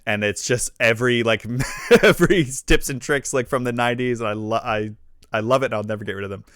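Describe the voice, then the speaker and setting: A chatty male host leads a relaxed livestream conversation, upbeat and quick to laugh. His voice sits at an ordinary pitch and is recorded close and dry, with no room sound around it. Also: smooth, no echo. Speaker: podcast host. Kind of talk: casual livestream interview.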